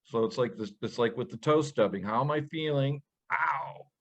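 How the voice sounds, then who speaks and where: A man co-hosting a show, speaking in a measured, thoughtful way. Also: mid-range voice, dull audio. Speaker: co-host. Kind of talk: reflective casual talk.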